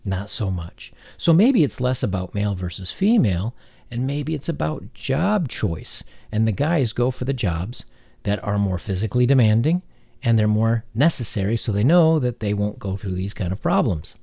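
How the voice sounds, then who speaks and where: Brief: male commentator, low mellow voice, sarcastic reading of an article, close dry mic. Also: expressive, vocal fry, slightly rough, no echo. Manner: sarcastic, mocking, halting with fillers. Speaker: commentary channel host.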